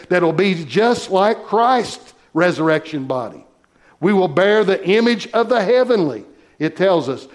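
Slightly high-voiced man preaching a sermon. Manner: emphatic, measured preaching with slowed stressed phrases.

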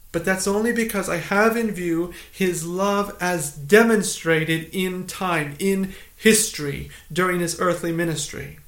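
A pastor giving a morning sermon, earnest and measured, asking rhetorical questions and repeating key points. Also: male voice, high-pitched, a bit bright, reverberant.

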